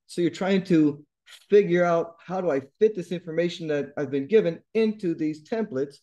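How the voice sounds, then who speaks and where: A man's voice: on the high side, moderate pace, mellow, lo-fi sound. A middle-aged man tutoring test-takers, giving blunt, emphatic advice and repeating his key points. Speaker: TOEFL tutor. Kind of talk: direct advice lesson to viewers.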